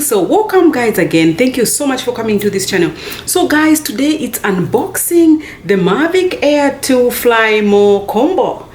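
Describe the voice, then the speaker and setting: American lady gushing thru an unboxing vlog, slow drawn out talk, faint hiss behind. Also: on the high side, roomy sound. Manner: excitable, gushing, repeatedly addressing viewers as guys. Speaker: unboxing vlogger.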